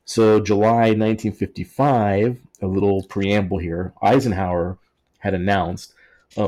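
Low-pitched man, podcast host, casual chat, sarcastic and joking. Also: fairly even intonation, measured pace, warm tone. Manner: jokey, sarcastic storytelling.

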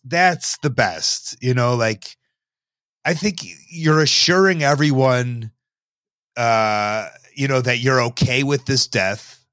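A man's voice: medium pitch, fairly bright tone, no echo, studio quality. A man from Illinois chatting casually as a podcast guest, talking in a rambling, wry, reflective way.

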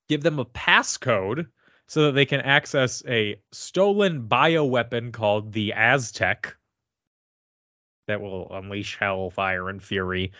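A man's voice: mid-range voice, pushed and bright, dry recording. A man co-hosting a podcast, recapping a movie plot in a dry, sarcastic, casual way. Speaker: podcast co-host. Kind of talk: casual movie review chat. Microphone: remote podcast mic, no camera.

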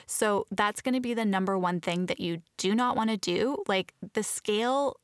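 A woman's voice: mid-range voice, normal speed, no room sound. Chatty woman vlogger, dry close sound. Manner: chatty, earnest, many restarts and "like". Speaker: fitness vlogger. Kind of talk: casual talk to camera. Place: Los Angeles area.

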